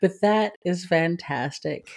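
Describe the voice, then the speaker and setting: Chatty lower-voiced woman podcast co-host. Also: takes it slowly, vocal fry, a little mellow. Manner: chatty, laughs easily. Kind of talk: casual chat and story reading.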